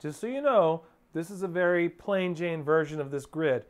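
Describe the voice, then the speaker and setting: With a clear clicking sound behind his voice, a man teaches drum rudiments one step at a time. His voice is slightly high and animated, his speed normal, and he coaches plainly and patiently, speaking counts and stickings out loud.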